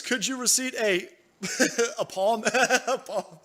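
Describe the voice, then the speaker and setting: A man's voice: high-pitched, measured pace, a bit bright. A young man hosting a livestream, ranting profanely about politics and reading out viewer chat. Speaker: livestream host.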